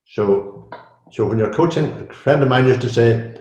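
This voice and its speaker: A man's voice: medium pitch, unhurried, mellow. An older man, a coach and guest, talks in a casual interview, chatty and repeating himself often. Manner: chatty, repeats himself, many "you know"s. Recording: roomy echo.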